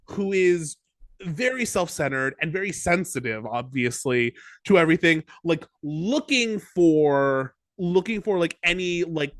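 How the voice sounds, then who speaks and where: A man's voice: a little high, expressive, measured pace, fairly bright tone, dry recording, studio quality. A man co-hosting a podcast in a casual chat reviewing a TV episode, thoughtful and rambling with many fillers. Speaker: podcast co-host.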